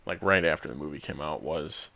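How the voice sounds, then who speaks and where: A man's voice: very deep voice, a little fast, creaky, pushed and bright, dry recording. A man co-hosting a podcast, chatting casually about a film and reading out favorite lines, with plenty of fillers and laughs. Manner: chatty, reads out quotes, frequent fillers and laughs. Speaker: podcast co-host. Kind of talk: casual movie review chat.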